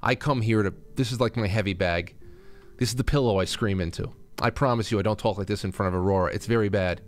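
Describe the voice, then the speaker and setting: A man's voice: fairly low pitch, fast, soft background music. A male host giving angry, insulting, sarcastic political commentary, ranting about news clips.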